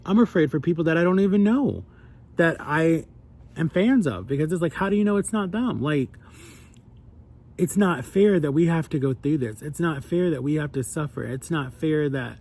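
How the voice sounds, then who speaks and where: A man's voice: fairly high pitch, darkish tone, slightly rough. A young adult man talking earnestly and emotionally in a personal vlog, his voice climbing when he gets upset. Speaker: vlogger.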